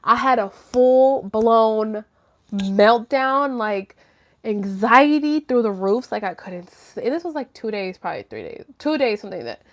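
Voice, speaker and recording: A woman hosting a live stream, telling her viewers a story casually, rambling and animated, with lots of "like" and some swearing. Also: fairly high pitch, unhurried. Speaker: host of a live chat stream.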